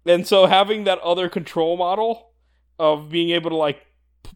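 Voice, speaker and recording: A man with a fairly high voice talks through a miniatures game's rules, excited and laughing as he goes. He co-hosts a casual podcast chat and tends to explain things at length. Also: normal speed, smooth. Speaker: podcast co-host. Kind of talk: casual tabletop game discussion.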